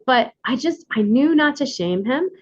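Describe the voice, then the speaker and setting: A woman's voice: high voice, normal speed, muffled recording. A woman in her forties hosting a workshop, talking casually and animatedly to the group. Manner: animated, warm coaching tone with laughs. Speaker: workshop host.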